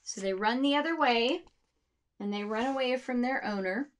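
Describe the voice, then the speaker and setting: A woman's voice: on the high side, normal speed. A woman music teacher explaining how to teach music with storybooks, demonstrating sounds and voices for her students.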